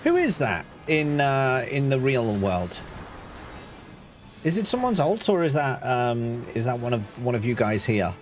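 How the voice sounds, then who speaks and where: A man's voice: medium pitch, big pitch swings, unhurried. A man streaming a video game, chatting casually, reading out and answering chat with playful asides. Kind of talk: casual live-stream chat while gaming.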